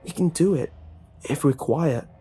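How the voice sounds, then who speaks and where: A man's voice: on the high side, measured pace, mellow, husky, soft background music, pitched above the performer's own voice. A man voicing a panicked teenage boy who takes charge and gives orders. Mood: urgent. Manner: urgent, commanding. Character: panicked teenage boy Jeremy, bossy leader.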